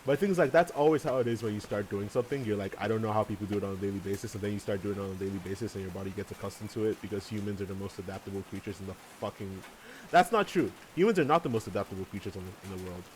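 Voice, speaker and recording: A man's voice: fairly low pitch, very fast, slight background noise, low-quality recording. A man hosting a let's play from a room at home, chatting casually, rambling, swearing and laughing often. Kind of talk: casual gaming commentary. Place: home room with large windows.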